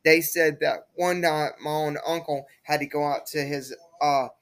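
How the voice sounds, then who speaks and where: A woman's voice: sits low, fairly even intonation, measured pace. Rambling young woman podcast host. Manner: rambling and repetitive, with many fillers. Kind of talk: casual solo podcast monologue.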